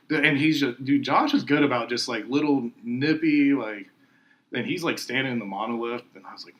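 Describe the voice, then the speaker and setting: A man's voice: mid-range voice, brisk, lo-fi sound. A man hosting a podcast, chatting casually and laughing as he retells gym stories. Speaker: podcast host. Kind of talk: casual chat.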